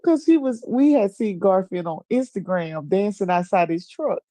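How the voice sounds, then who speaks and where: A woman's voice: sits high, moderate pace, hardly any pauses, no room sound. A woman chatting casually, telling a funny story with lots of laughter and voices. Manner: animated storyteller, laughs often. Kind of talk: casual chat.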